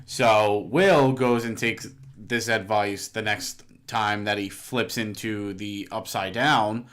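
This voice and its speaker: Young male podcast co-host, a bit low-pitched, eager and interjecting. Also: fairly even intonation, slow, fairly bright tone. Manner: eager, jumps in with corrections and asides. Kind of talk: casual chat.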